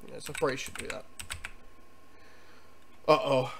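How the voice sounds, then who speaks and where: A man streaming a retro computer game, chatting excitedly and reading the game's text aloud. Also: mid-range voice, normal speed, creaky, a little hiss or hum. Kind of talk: casual gameplay commentary and reading game text.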